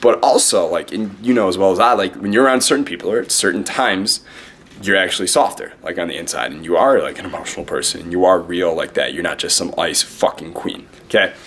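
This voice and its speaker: A little hiss or hum runs under this low, fairly bright male voice. The speaker, a young dating coach vlogging to camera, rattles off brash, profane tips with a cocky, self-selling attitude.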